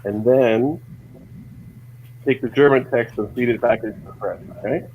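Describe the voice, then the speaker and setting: A man's voice: medium pitch, normal speed, slight background noise. Guy on a thin phone-sounding mic, chill, explains stuff step by step, mid voice. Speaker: co-host running the text-to-speech. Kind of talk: casual chat. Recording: tinny phone-like line.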